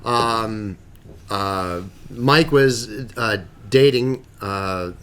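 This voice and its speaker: A man's voice: fairly low pitch, drawn-out words, clear, resonant tone. A man co-hosting a podcast, telling funny stories in casual chat and laughing often. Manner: animated storyteller, laughs often. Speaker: podcast co-host.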